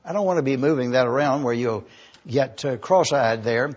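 A man teaching the Bible verse by verse, deliberate and careful, spelling out words letter by letter. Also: medium pitch, a little mellow, husky, muffled recording.

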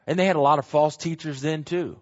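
A man's voice: fairly high pitch, steady tone, fairly quick, lo-fi sound. A man preaching a sermon, repeating words for emphasis and often asking "right?" as he teaches. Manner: repetitive emphatic preaching with frequent tag questions.

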